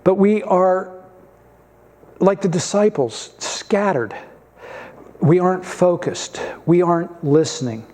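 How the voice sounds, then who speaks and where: A male pastor delivering a sermon, telling stories with gentle humor and stressing key points with a rising voice. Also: sits high, slow, pauses often. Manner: storytelling preacher with gentle humor.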